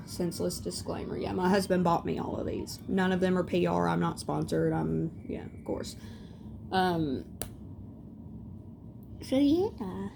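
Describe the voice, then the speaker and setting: A woman's voice: lowish voice, vocal fry, background noise. A young woman with a strong Southern accent, rambling bluntly in a casual beauty vlog. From Southern United States. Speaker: beauty vlogger. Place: home.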